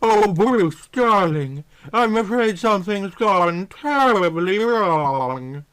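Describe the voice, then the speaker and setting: A man voicing a sultry female computer voice with a slow, drawn-out purr. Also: high voice, animated, fairly bright tone, clean tone, dry recording, voice pushed up, full character voice.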